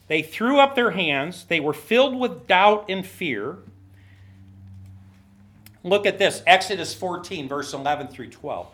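Animated male pastor with a lively voice. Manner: animated, acts out quoted voices with big pitch jumps; self-mocking humor, laughs at himself. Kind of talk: sermon. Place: church.

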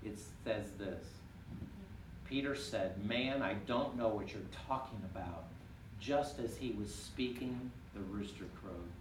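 A man preaching a sermon, rising to emphatic peaks and dropping quiet and intimate. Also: lowish voice, measured pace, noisy background. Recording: echoey room, from far off.

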